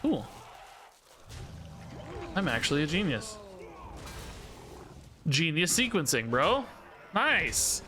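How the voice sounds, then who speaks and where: A man's voice: a little high, big pitch swings, takes it slowly, long pauses, pushed and bright, slight background noise. A man streaming a card game, thinking aloud, questioning himself and joking between plays. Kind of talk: live-stream gameplay commentary.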